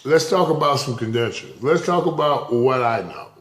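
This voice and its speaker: A man's voice: mid-range voice, animated, moderate pace, a bit bright. A man giving a rambling, casual spiritual talk to camera, chuckling often between phrases. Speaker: vlogger. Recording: roomy echo.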